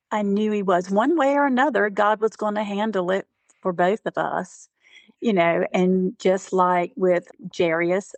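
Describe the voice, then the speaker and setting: A woman being interviewed as a caregiver, speaking earnestly and haltingly, with many "you know" fillers. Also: mid-range voice, no room sound. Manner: earnest, faith-driven. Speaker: guest, caregiver. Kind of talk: conversational interview.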